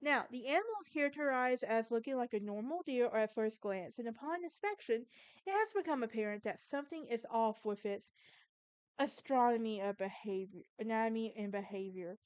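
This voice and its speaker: This podcast host is a young woman from Alabama whose Southern accent colors an animated, slightly quick delivery. Her pitch sits on the high side and the sound is smooth and echo-free as she chats through a story alone, tripping over words and fixing them as she goes.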